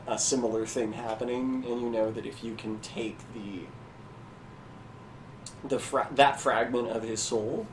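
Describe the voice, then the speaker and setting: A man narrates a tabletop game as game master, relaxed and halting. He sits back from the mic. Clear noise sits behind him. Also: mid-range voice, echoey room, distant mic.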